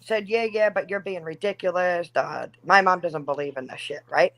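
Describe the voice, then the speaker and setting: Animated woman telling a ghost story. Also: lowish voice, normal speed, low-quality recording. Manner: animated, profane, acts out quoted lines. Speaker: guest. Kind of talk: casual storytelling.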